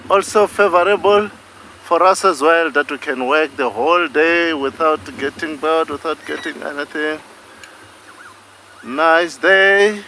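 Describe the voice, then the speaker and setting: A man speaking outdoors as a safari field guide, giving slow live commentary in simple phrases. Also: fairly high pitch, bright, forceful tone, a little hiss or hum, rough recording.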